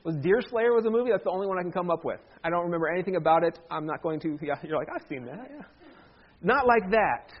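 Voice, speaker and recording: Male pastor, high voice, easygoing sermon delivery with playful asides, muffled lo-fi church recording. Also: fast talker. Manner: conversational, joking asides.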